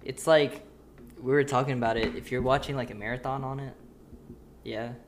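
A man chatting casually, quick to laugh and agreeing often. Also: medium pitch, steady tone, background noise. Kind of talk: casual chat.

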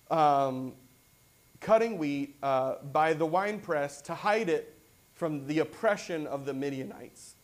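A man preaching a conversational sermon as pastor, reading scripture aloud and then explaining it in plain words. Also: fairly high pitch. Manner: acts out quoted voices with rising excitement.

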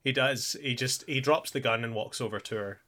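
A man co-hosts a casual podcast chat, his voice bright and forward at a middling pitch. He talks in loose, stumbling runs, restarting sentences and laughing along as he recaps a show. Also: a little fast. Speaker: podcast co-host.

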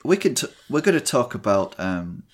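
A man co-hosting a film podcast, speaking in measured, hedging casual chat. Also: mid-range voice, sing-song. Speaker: podcast co-host.

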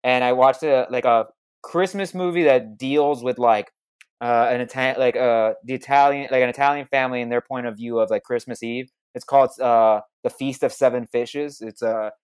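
A man hosting a casual podcast chat about a movie, talking in an animated, rambling way. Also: mid-range voice, normal speed, clean tone. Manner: animated, rambling, quotes characters.

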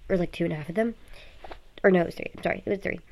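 A woman's voice: fairly low pitch, very fast, a little mellow, slight background noise. A tired teenage girl at home rambling through a casual vlog into her phone, talking in loose run-on thoughts full of "like" and "um". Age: teens. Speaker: vlogger. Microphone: phone app recording.

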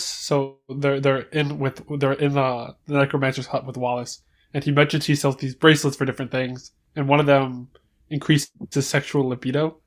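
A man co-hosting a casual podcast, recapping scenes in a rambling, halting way with many restarts. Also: mid-range voice. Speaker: podcast co-host. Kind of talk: casual chat.

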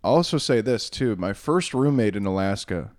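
A man's voice: fairly low pitch, lively intonation, normal speed, darkish tone, dry recording. A young man in casual podcast chat, telling a long rambling story with plenty of swearing. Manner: rambling, profane, laughs through his stories. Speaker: podcast co-host.

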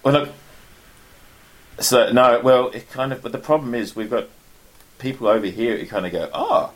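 A man's voice: mid-range voice, normal speed. An Australian man hosting a casual chat, rambling and correcting himself as he goes, often chuckling. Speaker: podcast host.

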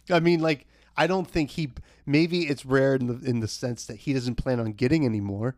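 A man's voice: medium pitch, fairly even intonation, moderate pace, darkish tone, no room sound, studio quality. A young man telling a rambling work story in a casual podcast chat, with lots of fillers and laughs. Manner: laid-back, rambling, laughs often, many fillers.

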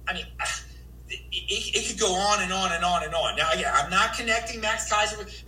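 An American man talking as a livestream guest, animated and rambling, stammering and repeating words as he goes. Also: sits high, roomy sound, recorded from a distance, slight background noise, low-quality recording. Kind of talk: livestream interview.

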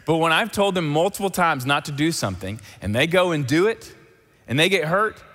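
A man preaching a sermon as pastor, animated and emphatic, repeating key phrases. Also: fairly high pitch, a little fast, in a large hall.

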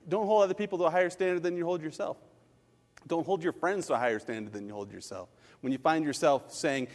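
High, lively male preacher in a reverberant hall. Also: fast. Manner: animated storytelling, acts out quotes. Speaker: pastor. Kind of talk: sermon.

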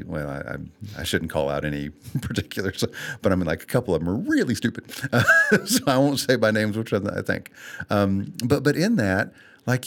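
A man's voice: on the low side, gravelly. A man co-hosting a faith-based podcast, talking earnestly and candidly, laughing at himself and getting emotional. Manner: earnest, candid and self-deprecating, laughs often; emotional, tears up on heartfelt points. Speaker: podcast co-host. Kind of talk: casual faith-based chat.

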